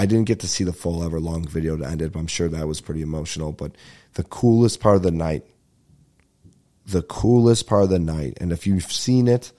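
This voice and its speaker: A man with a low, mellow voice hosts a podcast alone, rambling in a loose, profane, excitable way. His voice sounds stuffed up and nasal. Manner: profane, excitable, breaks into bits of singing. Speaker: podcast host. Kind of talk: casual rambling monologue.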